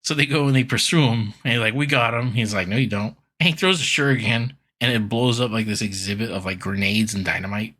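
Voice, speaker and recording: A man's voice: fairly low pitch, fast, few pauses, bright, forceful tone. A man co-hosting a podcast, recapping a cartoon episode in loose, laughing casual chat full of fillers. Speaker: podcast co-host.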